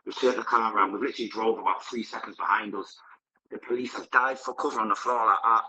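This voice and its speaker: Man, podcast guest, blunt vivid storyteller, lowish voice, muffled sound. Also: steady tone, fast, bright, forceful tone, echoey room, slight background noise. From Manchester, England. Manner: candid, vivid, blunt present-tense recounting. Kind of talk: personal storytelling.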